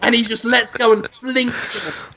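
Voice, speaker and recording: A man co-hosting a comedy podcast, pitching a made-up film in a rambling, animated way. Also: measured pace, creaky, noisy background. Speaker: podcast co-host. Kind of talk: comedic storytelling chat.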